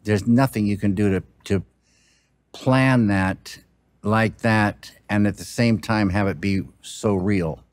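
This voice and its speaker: A film director talking in an interview, thoughtful and halting, breaking off words as he muses. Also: fairly low pitch, slight background noise. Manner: slow, halting, musing, with broken-off words. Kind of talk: reflective interview talk.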